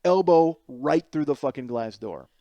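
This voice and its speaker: Animated, profane man telling a story alone. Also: fairly high pitch, moderate pace, no echo, dull audio. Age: 40s. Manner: animated, profane, self-mocking, swinging from loud to mumbled. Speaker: podcast host. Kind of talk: solo comedic storytelling.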